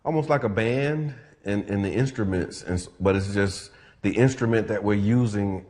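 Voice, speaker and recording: A man's voice: on the low side, moderate pace, a little mellow. A man hosting a community podcast, talking in an easygoing, reflective way with many fillers. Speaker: podcast host. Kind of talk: casual interview talk.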